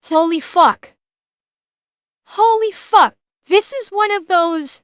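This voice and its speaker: A woman's voice: very high-pitched, slow pace, pauses often, dry recording, muffled recording. A woman streamer reacting to a video, ranting bluntly with heavy swearing.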